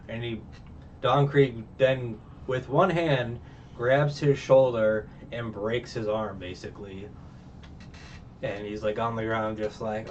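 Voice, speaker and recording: A man's voice: on the low side, steady tone, takes it slowly, long pauses. A man giving a casual, rambling recap of a show, full of fillers and laughs. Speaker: reviewer. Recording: distant dull mic with faint noise.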